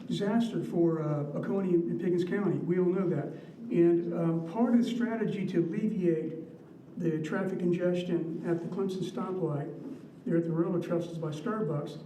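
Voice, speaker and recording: A man's voice: sits high, dark tone. A man giving public comment at a city meeting, rambling and repeating himself with many fillers. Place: council meeting room. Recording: echoey room, distant mic, faint noise.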